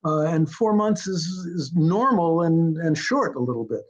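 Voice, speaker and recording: A man's voice: a little high, lively intonation, moderate pace, muffled recording. An older man as an interview guest, telling anecdotes and acting out other people's lines as he goes. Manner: acts out other people's lines in quotes, hums rhythms. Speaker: interview guest, writer-director.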